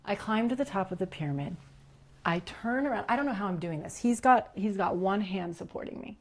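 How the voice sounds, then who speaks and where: A woman guest recounting a personal experience in an interview, animated and giggly, acting out quotes and dropping to a whisper at tense moments. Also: mid-range voice, a little fast. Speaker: leadership coach, guest. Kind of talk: personal storytelling in a podcast interview.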